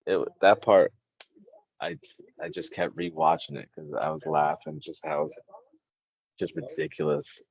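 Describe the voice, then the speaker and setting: Very deep gravelly guy on a podcast, cusses a lot, dry dull sound. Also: sing-song, unhurried, pauses often, a little mellow, dry recording. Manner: blunt, swears freely, trails off. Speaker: podcast co-host. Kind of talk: casual chat.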